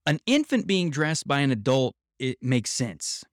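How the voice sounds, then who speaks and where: A man talks through ideas in a calm, measured podcast style. His voice sits at an ordinary middle pitch, recorded dry and close with no room sound around it. He speaks from home, steady and reflective. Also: dry recording. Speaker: podcast host. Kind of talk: explanatory podcast talk.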